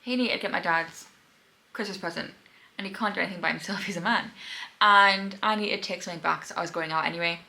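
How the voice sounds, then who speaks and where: A woman's voice: on the low side, fast, vocal fry, pushed and bright, low-quality recording. A young woman chatting casually about her reading at home, laughing often and sounding tired. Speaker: book vlogger. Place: home indoors.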